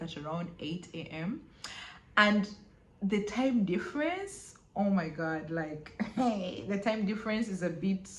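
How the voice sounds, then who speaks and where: A young woman chatting casually through a travel vlog, full of fillers and quick laughs. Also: mid-range voice, a bit bright, a little hiss or hum. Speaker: travel vlogger. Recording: echoey room.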